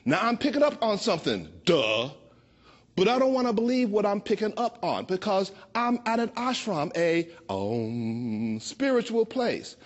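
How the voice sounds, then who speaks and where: A man in his sixties from Chicago, telling a personal story with a playful, expressive delivery that slows down for emphasis. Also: sits high. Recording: dull lo-fi recording.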